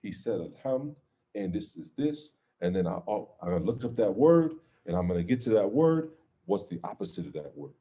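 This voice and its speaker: A man with a low, mellow voice leads an informal religious class. He talks in a loose, conversational way and keeps checking in with his listeners, asking "okay?" and "right?" as he explains. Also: very animated, fairly quick. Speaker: Islamic teacher.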